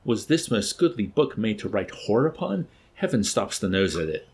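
A man voicing an enraged, unstable young man who shouts and rants verse. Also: fairly low pitch, sing-song, moderate pace, a little hiss or hum. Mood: ranting. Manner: shouting, ranting recitation.

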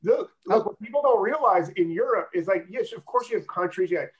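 A man's voice: high voice, expressive, a little fast. A man co-hosting a podcast, rambling and repeating words as he searches for them. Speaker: podcast co-host, coach. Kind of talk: casual podcast chat. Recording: dull lo-fi sound.

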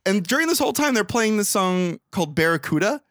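Animated, laughing man recapping a movie. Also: high-pitched, quick pace, no echo, studio quality. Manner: laughs often, rambling and animated. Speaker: podcast co-host. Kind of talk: casual movie recap chat.

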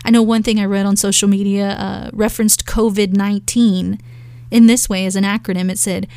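A woman preaching a devotional sermon, earnest, reading scripture aloud and slowing for emphasis. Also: medium pitch, level tone, dark tone, clear, resonant tone, no room sound.

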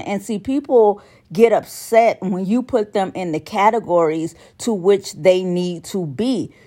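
A woman's voice: mid-range voice, warm tone. A woman in a casual monologue, talking bluntly and with exasperation, and mimicking how other people text.

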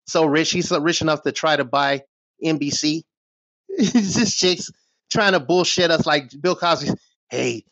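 A middle-aged man with a somewhat high, fairly bright voice launches into a heated, scornful, profanity-laden rant on his small commentary channel. The recording is dull, dry and lo-fi.

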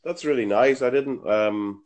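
A man's voice: medium pitch, measured pace, a little mellow. An Irish man hosting a podcast, asking friendly, encouraging questions. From Ireland. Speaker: podcast host. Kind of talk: casual interview.

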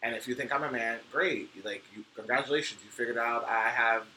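A man with a soft, sweet voice and a New York accent, co-hosting a podcast in casual chat. He is expressive, swears freely and slips into high playful voices. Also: quick pace, a little hiss or hum, poor audio. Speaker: podcast co-host.

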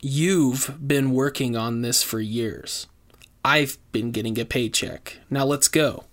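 A man's voice: medium pitch, takes it slowly, a bit bright. A man voicing a blunt, skeptical young woman investigator who speaks dryly and impatiently in a horror story reading.

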